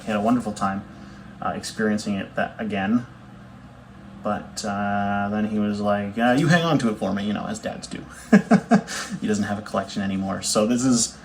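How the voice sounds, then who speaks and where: A young man, a bassist chatting casually to camera in a rambling, easygoing way with fillers and self-corrections. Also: a little hiss or hum. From Canada. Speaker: bassist showing his record collection.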